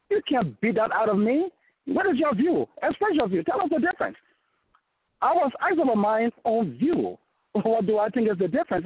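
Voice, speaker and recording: A man's voice: very high voice, breathy edge. A man, a former lawmaker, speaks bluntly on a call-in show, lecturing the callers with a scolding manner. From Liberia. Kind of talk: call-in radio talk. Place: in Liberia, on the phone. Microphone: phone. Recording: tinny phone line.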